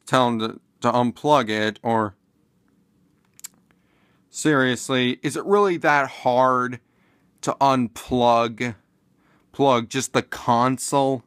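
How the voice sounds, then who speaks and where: Male commentator, slow and hesitant, lots of fillers, middle pitch, dry recording. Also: a bit bright, no echo. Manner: rambling, hesitant, many fillers and restarts. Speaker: video commentator. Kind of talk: casual commentary vlog.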